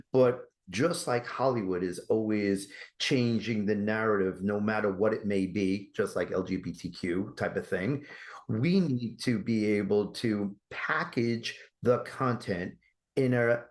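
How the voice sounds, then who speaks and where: Man, lowish voice, energetic podcast guest, rhetorical questions. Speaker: guest, mental health campaign creator. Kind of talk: podcast interview.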